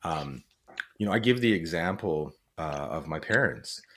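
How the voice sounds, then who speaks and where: A man's voice: very deep voice, lively intonation, moderate pace, fairly bright tone, a little hiss or hum. A man speaking as an interview guest, earnest and reflective, often using "like" as a filler. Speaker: guest, former police officer and author. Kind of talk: conversational interview.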